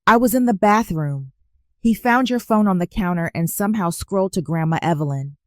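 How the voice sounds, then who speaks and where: A woman voicing a worried young husband who speaks in a hushed, urgent way over the phone in a story. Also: medium pitch, animated, brisk, no room sound, studio quality, close to an everyday voice.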